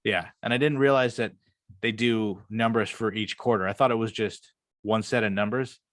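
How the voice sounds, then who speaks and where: A young man with a fairly low voice talks through a casual podcast chat, rambling loosely and dropping plenty of swear words. The sound is dry and close, with no room echo. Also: steady tone, normal speed. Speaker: podcast co-host.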